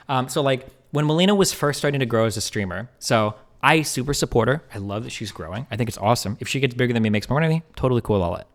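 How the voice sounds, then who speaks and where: A young male streamer talks through a video at a rapid clip, his pitch sitting in an ordinary middle range. He swears freely and strings his thoughts together with fillers and restarts. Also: a bit bright. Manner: rapid, profane, many fillers like "like" and "um". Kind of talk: live stream reaction and commentary.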